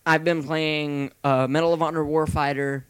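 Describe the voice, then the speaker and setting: A man's voice: fairly high pitch, level tone, normal speed, smooth, no echo. A young man hosting a casual gaming podcast, rambling with lots of fillers and restarts. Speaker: podcast host.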